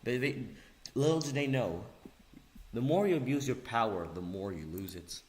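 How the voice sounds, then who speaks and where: A man's voice: medium pitch, animated, moderate pace, darkish tone, a little hiss or hum. A man giving an angry, sarcastic vlog rant, swearing and repeating phrases for emphasis. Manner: heated, sarcastic, profane. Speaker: vlogger. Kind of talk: angry ranting monologue.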